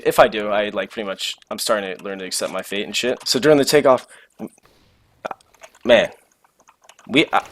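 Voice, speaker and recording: A young man telling a story casually, animated and full of slang and swearing. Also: medium pitch.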